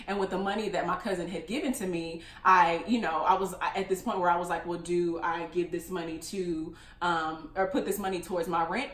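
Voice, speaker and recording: A woman's voice: medium pitch, reverberant. A young woman telling a personal story in a casual, chatty way with lots of fillers. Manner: chatty, many fillers, laughs often. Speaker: vlogger.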